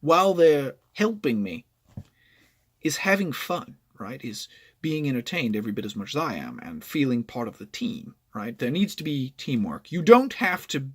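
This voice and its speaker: Man, gaming vlogger, storytime, explanatory, animated pitch. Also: normal speed, slightly rough. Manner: explanatory, keeps checking in with "right?". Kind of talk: storytime vlog.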